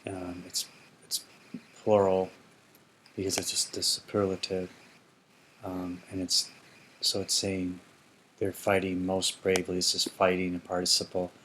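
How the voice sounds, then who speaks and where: A man's voice: deep voice, completely flat delivery, measured pace, pauses often, a bit bright, slight background noise. A man teaching ancient Greek grammar in a casual explanatory lesson, thinking aloud and correcting himself as he goes.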